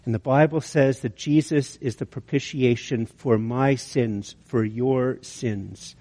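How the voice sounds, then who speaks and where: A man's voice: medium pitch, steady tone, slow, warm tone. A man preaching a sermon, telling an illustration story with many restarts. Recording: long hall reverb.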